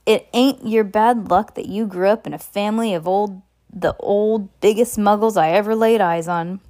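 A woman's voice: mid-range voice, steady tone, moderate pace, dark tone, lightly acted. A woman voicing a big, kindly male groundskeeper who talks in a rustic dialect with dropped endings, in an amateur audiobook reading. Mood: indignant.

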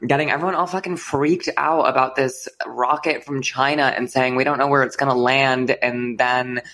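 A woman co-hosting a casual podcast, animated and profane, who puts on comic accents. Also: very deep voice. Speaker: podcast co-host.

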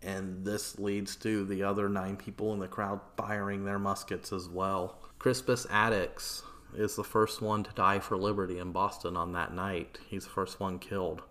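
Brief: male podcast host, very low voice, casual and profane history storytelling. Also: level tone, normal speed, hardly any pauses, fairly bright tone. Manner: loose, profane, conversational storytelling.

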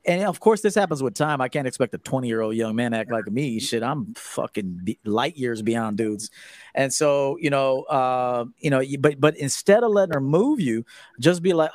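A man's voice: mid-range voice, animated, normal speed, no room sound, clean studio sound. A man hosting a call-in dating-advice podcast, giving blunt, profane coaching and acting out the lines he quotes. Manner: blunt, profane, emphatic, acts out quoted dialogue.

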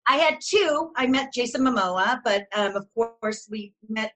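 A woman with a voice pitched a little high tells stories as a co-host on a chat show. She gushes and talks in an animated way. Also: a little slow, poor audio. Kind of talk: casual chat.

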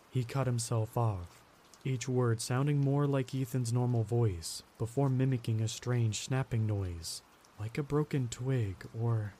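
A man narrating a scripted horror story in a tense, measured way. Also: medium pitch, mellow, slight background noise.

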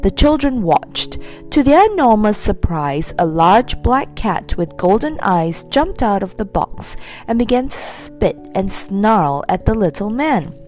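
A woman narrating a children's storybook in an expressive, animated reading. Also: mid-range voice, measured pace, faint music behind. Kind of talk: scripted narration.

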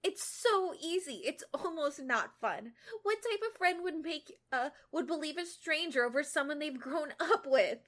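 A young woman reading aloud a fan story and voicing a scheming teenage girl, stretching her sneering lines out slowly. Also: sits high, lively intonation, a bit bright, pitched above the performer's own voice. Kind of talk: amateur fan-fiction read-aloud.

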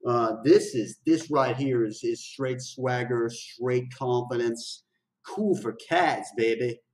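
A man hosting a music reaction video, chatting casually in excited slang and often repeating his phrases. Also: medium pitch, slow pace, far from the mic, poor audio. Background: the song playing faintly.

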